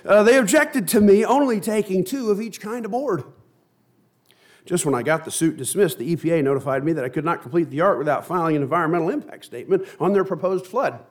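A man's voice: sits high, fast, pitched above the performer's own voice, natural voice. A man reading a story aloud, voicing a harried modern man listing his troubles in exasperation. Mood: exasperated. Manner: exasperated, rattling off complaints.

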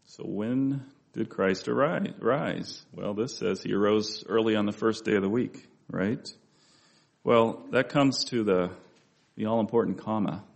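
Gravelly-voiced man giving a Bible lesson. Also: on the low side, a little slow. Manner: conversational, with asides and restarts. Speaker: preacher. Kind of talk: Bible study sermon.

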